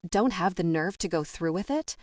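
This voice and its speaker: A teasing, defiant young wife drawls her lines in a romance audiobook, as the woman narrator puts her on. The voice is fairly low and the recording is dry. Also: expressive, moderate pace, a little mellow, dry recording.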